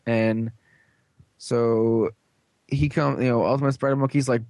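A man's voice: medium pitch, flat delivery, moderate pace, darkish tone, no echo. Young man rambling through a sarcastic recap. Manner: rambling, filler-heavy, sarcastic. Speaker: show host. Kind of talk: casual episode recap.

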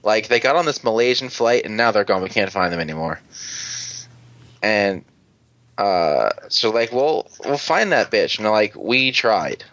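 A man's voice: fairly low pitch, moderate pace, a bit bright, lo-fi sound. A man chatting casually on a podcast, recapping a TV episode in a rambling way, acting out characters' lines and swearing freely. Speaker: podcast co-host.

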